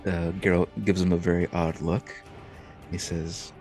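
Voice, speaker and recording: Deep-voiced man narrating a tabletop game. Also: little pitch movement, measured pace, a little mellow, faint music behind. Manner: loose and rambling, with many fillers. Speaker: game master.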